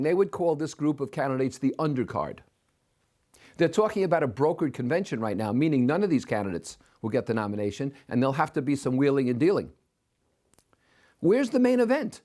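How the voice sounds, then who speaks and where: Older male podcast host, scornful opinion monologue, animated and fairly high-pitched. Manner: opinionated, scornful, rhetorical questions.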